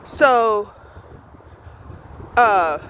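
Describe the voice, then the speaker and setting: A woman's voice: mid-range voice, expressive, extremely slow, a bit bright, slight background noise, rough recording. A woman in her sixties speaking bluntly in a candid personal monologue, often checking in with "right?" and "you know". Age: 60s. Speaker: vlogger.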